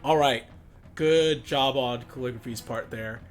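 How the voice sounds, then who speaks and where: A man's voice: mid-range voice, a little slow. A man acting as game master, easygoing in his rulings and dramatic when he narrates the action.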